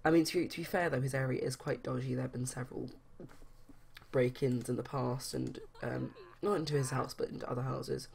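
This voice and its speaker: A woman's voice: a bass voice, fairly even intonation, fairly quick, vocal fry, darkish tone. A young woman hosting a let's play, narrating a life-sim game in a chatty, rambling way. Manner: chatty, rambling, with many fillers. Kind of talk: casual game commentary.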